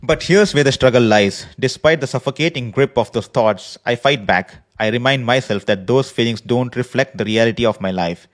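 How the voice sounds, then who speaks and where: A man hosting a podcast, speaking in an earnest, measured personal monologue from a prepared script. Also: medium pitch. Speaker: podcast host. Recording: podcast voice recording.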